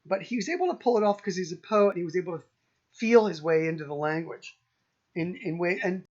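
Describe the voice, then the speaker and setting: A man giving a university lecture on poetry, thoughtful and halting, with frequent pauses and restarts. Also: high voice, animated, a little mellow, muffled recording. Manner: halting, many ums and restarts, slow and thoughtful.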